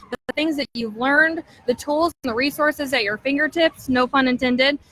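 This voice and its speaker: A woman's voice: high-pitched, sharp tone, dry recording, low-quality recording. A woman in her thirties giving an emphatic motivational talk to her sales team, often checking in with "okay?" and "right?".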